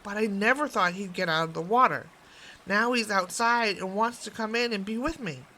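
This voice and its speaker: A woman's voice: medium pitch, normal speed, pushed and bright, a little hiss or hum, lightly acted, poor audio. A woman reading a storybook and voicing a spoiled young princess who speaks in a whiny, emphatic way. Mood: fretful.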